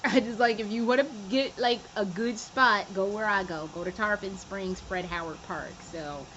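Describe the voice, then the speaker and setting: A woman's voice: mid-range voice, normal speed, a bit bright, dull audio, slight background noise. A young woman chatting casually in a home vlog, profane and often laughing. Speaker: vlogger. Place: room at home.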